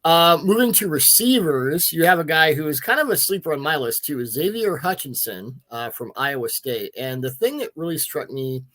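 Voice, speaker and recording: A man's voice: a little high, sing-song, normal speed, hardly any pauses, a bit bright. A man co-hosting a football talk show, discussing draft prospects in a conversational way that draws on football history and his own rankings. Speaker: draft writer, co-host. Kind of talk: analytical sports discussion.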